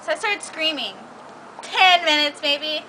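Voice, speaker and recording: A woman's voice: sits high, unhurried, heavy background noise. A young woman telling a casual story in a bossy, chatty way, full of "like", recorded outdoors. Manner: chatty, bossy toward friend, lots of "like". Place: outdoors by a trash can.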